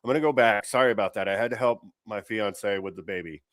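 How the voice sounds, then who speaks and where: A man's voice: lowish voice, fast, fairly bright tone, dry recording, studio quality. A man hosting a show, giving a blunt, profane running commentary on video clips. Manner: blunt, swearing, fired up. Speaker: show host reacting to clips.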